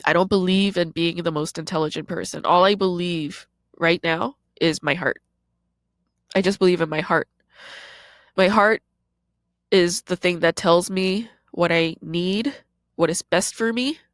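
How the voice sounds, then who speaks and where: A woman's voice: lowish voice, measured pace, no echo. Woman in her 30s talking straight into the mic, super blunt and sweary, dry close sound. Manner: blunt, profane and raw. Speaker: podcast host and comedian. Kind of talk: confessional monologue.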